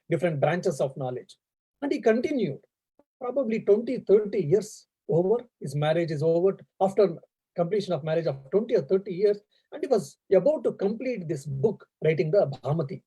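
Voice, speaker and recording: Mellow, husky-voiced monk lecturing. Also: male voice, high voice, rough recording. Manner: earnest, explanatory, many fillers. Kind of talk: spiritual lecture with storytelling. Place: embassy lecture event.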